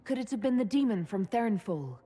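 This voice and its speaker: An actress voicing a concerned companion character in a video game who asks questions. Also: female voice, mid-range voice, lively intonation, brisk, mellow, slightly rough.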